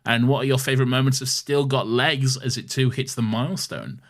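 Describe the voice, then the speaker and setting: A British man co-hosting a podcast in casual chat, with a dry, deadpan teasing manner. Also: mid-range voice, a little fast. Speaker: podcast co-host.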